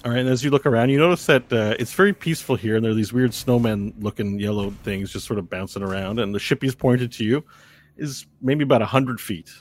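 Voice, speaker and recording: A man's voice: mid-range voice, fast talker. A man narrating a tabletop game as game master, in a loose, rambling way with fillers and sound effects.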